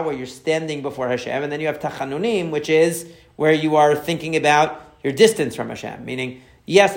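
A man, a rabbi, explaining prayer in a conversational lesson, answering a listener's questions and repeating key phrases as he warms up. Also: a little high.

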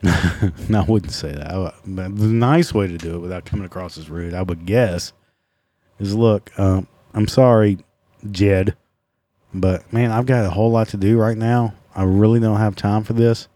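A man's voice: on the low side, fairly even intonation, moderate pace, warm tone, no echo. A man hosting a casual solo podcast, swearing freely, sarcastic and mocking himself. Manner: profane, sarcastic, self-mocking. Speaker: podcast host.

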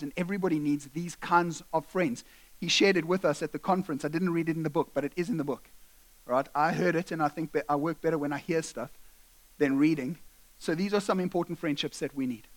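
A male pastor preaching a sermon, telling stories animatedly and acting out the people in them. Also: fairly high pitch. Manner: animated storytelling, acting out voices.

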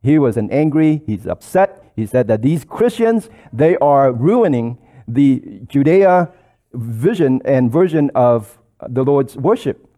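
A man's voice: medium pitch, sing-song, slow, dark tone. A man preaching a sermon, explaining scripture in an earnest, explanatory way and quoting verses.

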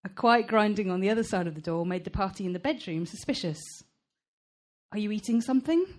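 A woman author reading her own novel aloud at a live event, measured and expressive. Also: mid-range voice.

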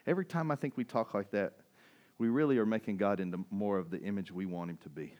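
Speaking quickly on dull-sounding audio, a pastor preaches, swinging from hushed intensity up to loud, high-pitched fervor. Rhetorical "right?"s to the congregation pepper his sermon, and he plays the parts of doubters.

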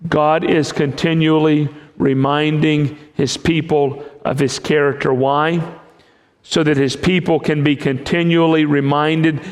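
Slow high-voiced male preacher in a hall. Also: little pitch movement. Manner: emphatic, drawn-out pauses between phrases. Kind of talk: sermon. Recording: long hall reverb.

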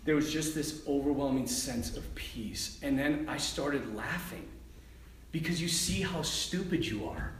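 Animated, laughing priest in an echoey room. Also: male voice, medium pitch, measured pace, a little hiss or hum. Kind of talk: sermon with personal storytelling.

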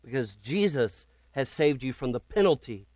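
A man's voice: mid-range voice, sing-song, moderate pace, a little mellow, dry recording. A man preaching a sermon as pastor, retelling scripture in an earnest storytelling way with dramatic emphasis.

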